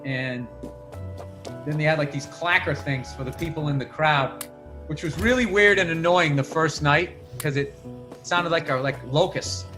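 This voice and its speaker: Man, high voice, swearing, ranting storyteller, music playing behind. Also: normal speed, sharp tone. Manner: profane, ranting, fired up. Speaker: podcast guest comedian. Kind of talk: casual storytelling chat.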